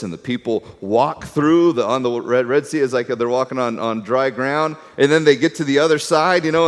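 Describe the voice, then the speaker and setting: A middle-aged man giving a conversational sermon, an animated storyteller who often repeats his words. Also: medium pitch. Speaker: Bible teacher. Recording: long reverb of a hall.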